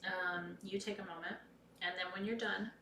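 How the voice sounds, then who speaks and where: A woman leading an online pagan ritual in a soft, heartfelt, intimate way, sometimes dropping to a whisper. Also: mid-range voice, steady tone, moderate pace. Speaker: ritual leader. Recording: echoey room, distant mic, faint noise.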